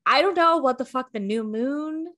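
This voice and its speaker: A woman co-hosting a casual podcast, chatty and quick to laugh, swearing now and then. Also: sits high, a bit bright. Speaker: podcast co-host and editor. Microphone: remote call setup, video recorded.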